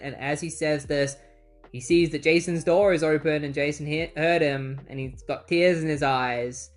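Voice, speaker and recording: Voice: mid-range voice, steady tone, moderate pace, faint music behind. A comic book reviewer recapping issues in casual chat, with exasperated asides.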